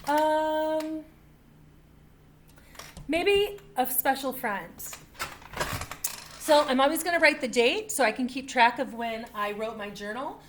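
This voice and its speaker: Woman teacher for a kids' lesson: high, slow, patient, repeats herself. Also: a little hiss or hum. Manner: slow, patient, repeats key points for children. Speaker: first grade teacher. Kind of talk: remote writing lesson for young children.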